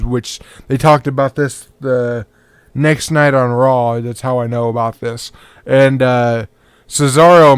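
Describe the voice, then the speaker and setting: A sleepy man talks through a match in a casual, rambling way, cursing here and there. His voice is smooth and clear, and he speaks unhurriedly. The recording is dry and close, with no room sound. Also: fairly high pitch, dry recording. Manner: rambling, laid-back, swears casually. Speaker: podcast host. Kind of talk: casual match breakdown commentary.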